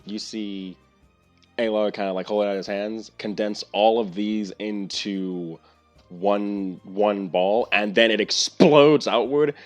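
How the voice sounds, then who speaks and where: A man's voice: on the low side, fairly even intonation, slow pace, faint music behind. A man narrating as game master of a tabletop game, rambling with many fillers.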